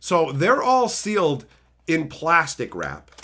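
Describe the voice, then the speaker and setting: A man telling a story in a casual vlog, animated and profane, often exclaiming and cursing. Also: fairly high pitch, slow. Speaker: card game streamer.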